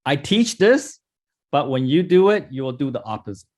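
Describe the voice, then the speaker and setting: A man's voice: medium pitch, big pitch swings, normal speed, darkish tone. A man teaching a sales class in a blunt, scolding way, swearing and quizzing his students. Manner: blunt, scolding, swears, acts out sample calls. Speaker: sales trainer. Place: training room with a class.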